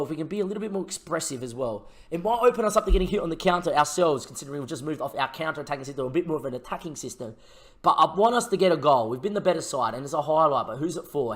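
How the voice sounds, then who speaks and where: A young man commentating his own football management game in a casual, chatty way, getting loud and excited at big chances. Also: a little high. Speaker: gaming YouTuber.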